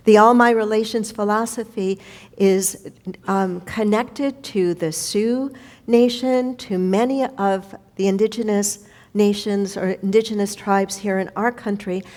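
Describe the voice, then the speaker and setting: A woman's voice: on the high side, a little mellow. A woman minister giving a spiritual lesson to a congregation, reflective and repeating key phrases for the audience to say back.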